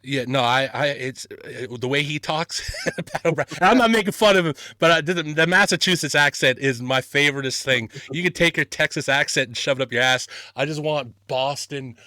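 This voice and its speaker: A man hosting a podcast, telling stories in casual chat, animated, swearing a lot and laughing often. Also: on the high side, moderate pace, no echo, studio quality. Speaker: podcast host.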